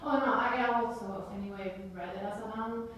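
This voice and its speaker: A woman's voice: fairly quick, fairly bright tone. A woman speaking English as a non-native speaker, talking animatedly with many fillers in a casual group discussion. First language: not English. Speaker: seminar participant. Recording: very echoey room, distant mic, faint rumble.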